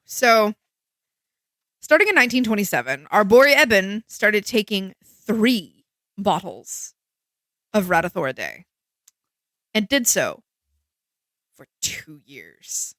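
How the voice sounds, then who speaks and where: A woman co-hosting a podcast in casual chat, lively and chatty, explaining facts with exclamations. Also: medium pitch, slow, long pauses, no room sound. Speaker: podcast co-host.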